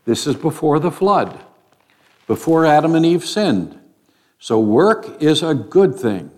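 An older man teaches a small Bible class in an unhurried, chatty way. He often hesitates with ums and restarts his sentences as he explains. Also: on the high side, very animated, a little mellow. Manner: conversational, many ums and restarts.

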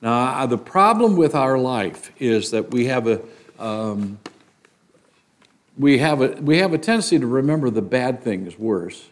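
An older man gives a teaching sermon in a plain, mid-pitched voice. He talks conversationally, often pausing on fillers and restarting his sentences. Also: big pitch swings. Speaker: Bible teacher.

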